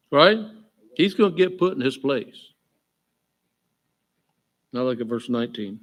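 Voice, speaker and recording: A man preaching a sermon as pastor, joking with the crowd and checking in with "right?", then reading scripture aloud slowly and with emphasis. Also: medium pitch, expressive, fairly bright tone. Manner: jokey, keeps asking the crowd "right?". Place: church.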